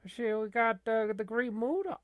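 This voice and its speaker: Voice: mid-range voice, expressive, normal speed, no room sound, phone-quality sound, natural voice. A performer playing a folksy male gamer with a shaky put-on Minnesotan accent who rambles, with lots of fillers, in a comedy gaming sketch. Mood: musing.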